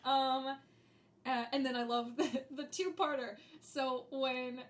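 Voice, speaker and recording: A young adult woman with a high voice and steady tone speaks slowly as a podcast co-host in a casual chat. She giggles often and quotes lines in playful voices.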